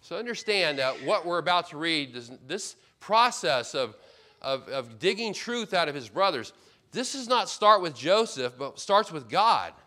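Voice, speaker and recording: Male pastor, sermon, earnest and emphatic, slightly high voice, repeats himself, frequent restarts. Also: sing-song, a little slow, sharp tone. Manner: stumbles and restarts mid-phrase. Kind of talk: expository sermon.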